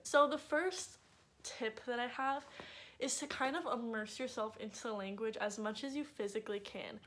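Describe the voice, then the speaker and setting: A young woman, a native English speaker, chatting casually to camera in a bubbly vlog with lots of filler words. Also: a little high. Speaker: vlogger.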